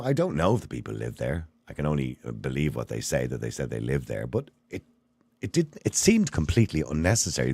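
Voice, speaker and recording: A man's voice: deep voice, gravelly, dry recording. An Irish man hosting a phone-in talk show, who questions his callers and pushes back on what they say. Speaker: radio phone-in host.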